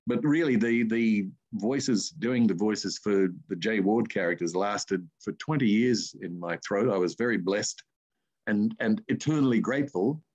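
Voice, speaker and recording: A man's voice: fairly low pitch, unhurried, dull audio. An older man with an Australian accent, a voice artist telling rambling anecdotes as an interview guest. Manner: rambling anecdotes with lively asides. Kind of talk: casual interview storytelling.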